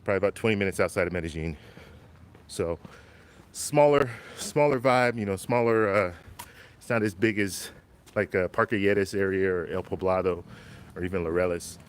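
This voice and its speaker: A man's voice: low-pitched, normal speed, clear, resonant tone. A man hosting a walking live stream, chatting and greeting viewers by name, a little out of breath. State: slightly out of breath. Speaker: travel vlogger. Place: outdoors on city streets.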